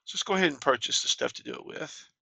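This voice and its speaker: Male game-channel host, gravelly and bright, easygoing commentary, dry close sound. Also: medium pitch, fast, no echo. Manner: relaxed, plain-spoken walkthrough talk.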